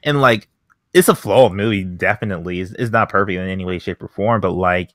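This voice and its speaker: A man co-hosting a podcast, rambling excitedly about a movie and saying "like" constantly. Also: sits low, fairly quick, no room sound, studio quality. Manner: rambling, heavy use of "like", excited. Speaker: podcast co-host. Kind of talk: casual chat.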